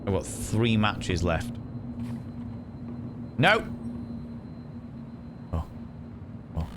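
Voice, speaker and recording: Low-voiced man muttering through a game. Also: unhurried, heavy background noise. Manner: thinks aloud in short muttered remarks. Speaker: gaming streamer. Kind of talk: live gameplay commentary.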